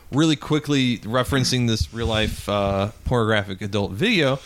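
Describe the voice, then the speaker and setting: A man co-hosting a podcast in casual chat; he talks in an animated, profane way and laughs often. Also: fairly low pitch, moderate pace, background noise. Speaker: podcast co-host.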